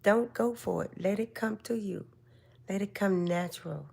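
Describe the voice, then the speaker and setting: An older woman hosting a casual live stream chat, giving slow, gentle, motherly advice to her viewers. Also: medium pitch, vocal fry, husky.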